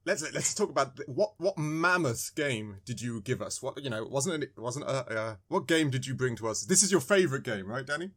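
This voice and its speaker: A man's voice: medium pitch, lively intonation, fairly quick, few pauses, fairly bright tone. Joking British male podcast co-host. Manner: joking, rambling, self-correcting. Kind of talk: casual podcast chat.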